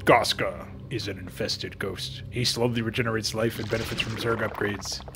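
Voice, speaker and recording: A man's voice: lowish voice, fairly even intonation, normal speed, creaky, noisy background. Self-mocking young man swearing. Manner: self-mocking, swears a lot, laughs often. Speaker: game designer reviewing his own campaign. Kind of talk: casual gameplay commentary.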